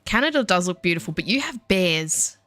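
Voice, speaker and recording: A woman's voice: fairly low pitch, big pitch swings, brisk, a bit bright, dry recording. A woman chatting casually with her viewers while she plays, self-deprecating and easily sidetracked. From Australia. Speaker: game streamer. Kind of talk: casual chat while gaming.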